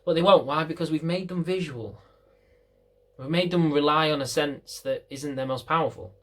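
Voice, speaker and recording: This dog trainer's voice sits on the high side with a fairly bright tone, moving at a normal speed. He explains things casually to camera, chatting away, saying phrases over and over and playing out small scenes.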